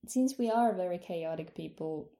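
Giggly woman with a gravelly voice. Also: fairly low pitch, animated, normal speed, dark tone. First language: not English. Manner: giggly, self-mocking, many ums. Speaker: podcast co-host. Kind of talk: casual podcast chat.

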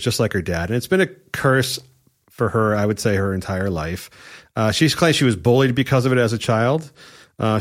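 A man riffing as the host of a comedy chat show, crude and teasing. His voice sits at an ordinary mid pitch. He mocks and jokes as he talks. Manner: crude, joking, mocking. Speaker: podcast host.

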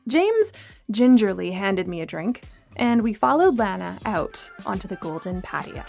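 A woman narrating a story in the first person with an expressive, melodic delivery. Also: mid-range voice, normal speed, gravelly, faint music behind. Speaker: audiobook narrator.

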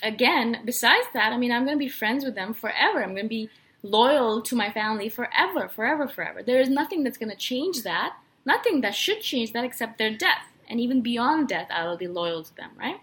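A young woman hosting a personality talk, telling a personal story in an earnest, animated way with lots of fillers. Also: a little high, brisk. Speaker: personality podcast host. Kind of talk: casual personal monologue.

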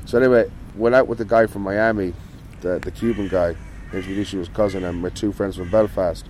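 An Irish man with a lowish voice tells a story in loose, casual talk. He rambles from one thing to the next and swears constantly. There is a faint hiss of noise in the background. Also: steady tone, a little fast, darkish tone, poor audio. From Ireland. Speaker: interview guest.

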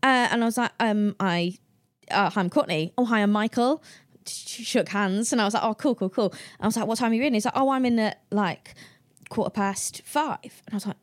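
A young woman, a guest on an interview show, telling anecdotes in a lively, chatty way and acting out the people she quotes with a raised voice and frequent laughs. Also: mid-range voice, a little fast. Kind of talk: casual interview chat.

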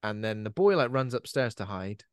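A man's voice: fairly low pitch, animated, normal speed, clean tone, no room sound, studio quality. A man co-hosting a podcast, chatting casually about a horror film with plenty of fillers and trailing asides. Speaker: podcast co-host.

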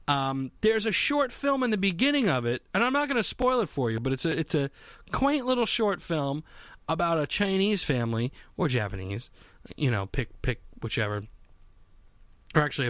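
A man's voice: medium pitch, a bit bright, no room sound. A young man in a casual solo monologue from a home basement, rambling, swearing and mocking himself.

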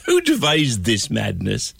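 A man's voice: medium pitch, huge pitch swings, a little slow, creaky, fairly bright tone, slightly rough, no echo, clean studio sound. A man hosting a radio talk show, wry and conversational as he talks with guests.

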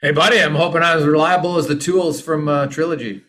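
Friendly Canadian man, bright voice. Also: a little high, steady tone, fast talker. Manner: friendly, rambling with restarts. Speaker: hockey journalist guest. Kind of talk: casual interview answers.

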